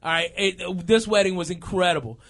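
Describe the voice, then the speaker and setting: Man, thirties, casual comic storyteller, laughs a lot, high bright voice. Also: a little fast. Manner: animated, laughs through his lines, keeps saying okay and all right.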